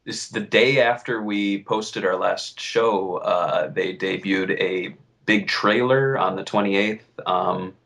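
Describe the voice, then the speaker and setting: Gravelly low-voiced man chatting casually. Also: slow, hardly any pauses. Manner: relaxed, rambling with fillers. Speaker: podcast co-host. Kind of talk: casual chat.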